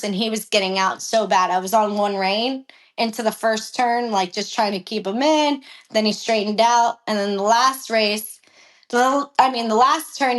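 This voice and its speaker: Brief: young woman, high voice, brash storyteller, raises her voice to act out quotes, cusses freely. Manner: animated, profane, acts out quotes with raised voice. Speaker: professional jockey, podcast guest. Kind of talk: casual storytelling interview.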